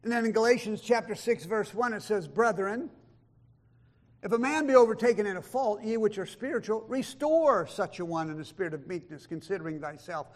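This pastor's high, expressive voice moves fairly quickly as he preaches with great emphasis. He shifts from loud pronouncements to whispered asides and reads scripture in old-style language.

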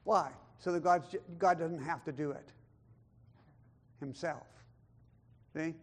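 Preaching with a somewhat high voice and a slow delivery, this pastor alternates booming proclamations with quiet asides. His scripture readings use archaic phrasing, and his whole sermon is forceful.

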